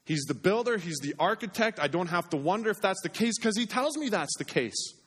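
A man preaching a sermon in an earnest way, repeating phrases for emphasis and dropping to a hush on key points. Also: high voice, lively intonation, brisk, husky. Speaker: pastor.

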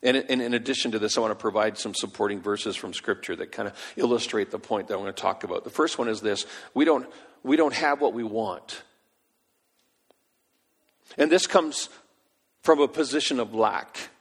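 A male pastor delivers a sermon with a gravelly, slightly husky voice. He is animated and acts out the voices in his stories. His words ring out with the long reverb of a church hall. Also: fairly low pitch, normal speed.

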